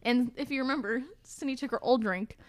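A woman's voice: fairly high pitch, fairly quick. A young adult woman telling a story in a casual chat and acting out what people said. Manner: animated, quotes people in lively voices.

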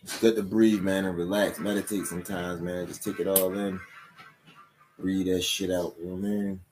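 A woman's voice: rumbling low, little pitch movement, moderate pace, background noise. A woman hosting a podcast, talking in a loose, profane, streetwise ramble during a casual livestream. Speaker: podcast host. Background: music playing.

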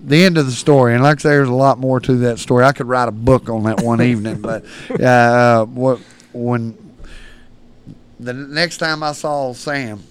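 A man's voice: mid-range voice, fairly even intonation, moderate pace. A man, a podcast guest telling rowdy stories with lots of laughter. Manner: rowdy, laughing, acts out shouted quotes. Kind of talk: storytelling in casual chat.

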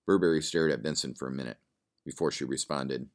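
A man reading a story aloud in plain, steady narration. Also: rumbling low, brisk.

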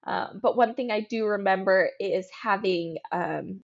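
A woman in her thirties recounts a personal story as a podcast guest, her voice sitting at an ordinary mid pitch. She speaks haltingly and with emotion, pausing on ums and restarting her sentences. The recording sounds dull and slightly lo-fi.

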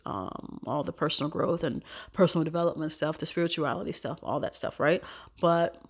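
A low-voiced woman hosting a podcast is stuffed up from a cold. She offers an earnest evening prayer, then moves into casual chat, repeating phrases and occasionally slipping into soft whispers.

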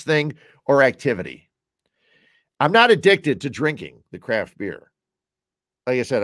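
Here a podcast host with a Chicago-area accent talks alone and casually at home over a beer, rambling from topic to topic. His medium voice has a slight brightness, and the recording is dry and studio quality.

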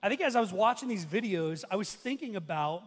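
High-voiced pastor preaching in a reverberant church. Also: male voice, expressive, brisk, husky. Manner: conversational storytelling with many restarts and fillers. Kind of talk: sermon. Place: church stage. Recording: long hall reverb.

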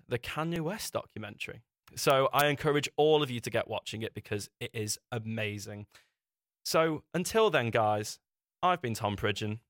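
A man's voice: medium pitch, a bit bright, no echo. Young guy hosting a podcast chat, keeps restarting his sentences, dry close mic. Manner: rambling, restarts sentences often. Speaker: podcast host. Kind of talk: casual chat.

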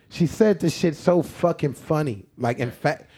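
A young man telling a long story in casual podcast chat, animated and laughing often, acting out what people said. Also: a little high, a little slow. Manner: animated, laughing, acts out quoted lines. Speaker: podcast co-host.

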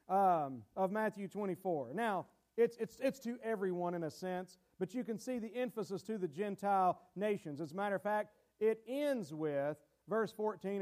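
A man's voice: high voice, animated, normal speed, hardly any pauses, a little mellow. A man preaching a teaching sermon in a conversational way, with many fillers and restarts and emphatic key points. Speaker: pastor.

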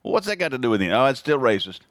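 A man hosting his own podcast, talking casually and sarcastically in an animated opinion monologue from home. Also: rapid-fire, no echo, studio quality. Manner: animated, sarcastic, jumps high in pitch for emphasis. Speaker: podcast host.

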